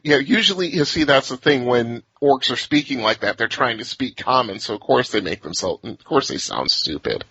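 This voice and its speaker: A man's voice: mid-range voice, expressive, normal speed, few pauses, pushed and bright, breathy edge, dry recording, lo-fi sound. A man hosting a podcast in casual chat, laughing often and restarting his sentences. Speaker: podcast host.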